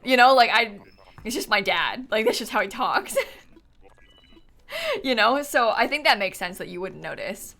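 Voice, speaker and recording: A woman in her twenties chatting casually on a live stream while gaming, animated and laughing often as she answers her chat. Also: mid-range voice, moderate pace. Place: home setup, lives in Florida.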